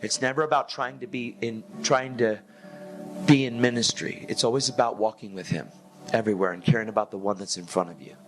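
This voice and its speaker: A man giving a casual faith testimony, telling it as a relaxed, slangy story full of "like", "man" and "dude". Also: fairly low pitch, fairly quick. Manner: laid-back slangy talk with "like", "man" and "dude". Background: music.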